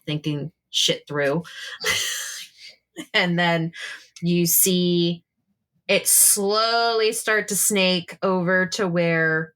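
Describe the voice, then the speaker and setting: A woman's voice: low voice, fairly bright tone. A woman narrating her character's actions in a tabletop game, rambling and swearing casually. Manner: rambling, profane, laughing often. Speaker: player.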